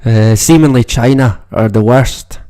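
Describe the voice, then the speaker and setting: This man has a mid-range, mellow voice and speaks unhurriedly on a dry recording. He hosts a casual livestream chat with a Scottish accent from northeast Moray, rambling along and swearing constantly.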